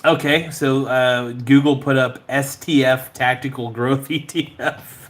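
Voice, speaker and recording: A man's voice: mid-range voice, steady tone, unhurried. Laid-back man rambling on a podcast. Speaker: podcast host. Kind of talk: casual chat reading viewer comments.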